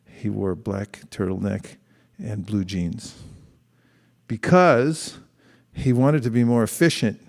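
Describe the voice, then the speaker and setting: Leading a scripture class, this man delivers a relaxed, conversational sermon in a low, mellow voice, reading passages aloud and stopping to reflect on them. His words echo with long reverb, like in a large hall.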